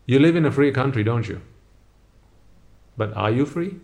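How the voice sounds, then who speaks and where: A man's voice: mid-range voice, lively intonation, moderate pace, darkish tone. A man giving a motivational talk, speaking straight to the listener with a stream of rhetorical questions.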